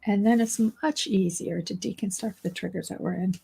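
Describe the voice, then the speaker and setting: Hoarse woman losing her voice. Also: mid-range voice, moderate pace. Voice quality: gravelly, husky. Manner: warm-hearted, reassuring, thinks aloud with restarts. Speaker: therapist and teacher. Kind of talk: casual solo video talk.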